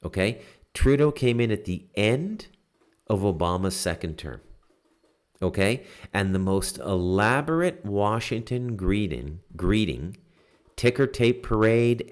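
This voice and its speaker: Low-voiced, heated ranting man. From Canada. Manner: heated, profane ranting with sudden loud outbursts; repeats "okay?" to drive points home. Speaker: political commentary host. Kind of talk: ranting solo monologue.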